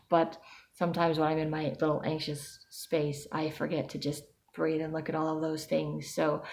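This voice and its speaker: A woman's voice: sits low, gravelly, a little mellow. A woman talking through her anxiety in a chatty personal video diary. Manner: anxious, chatty, self-reassuring. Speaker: vlogger.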